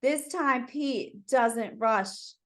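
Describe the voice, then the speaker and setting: Slow, high-voiced woman reading to kids. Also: fairly bright tone. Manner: interactive, asks listeners to fill in words. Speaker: children's story reader. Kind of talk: reading a picture book aloud to children.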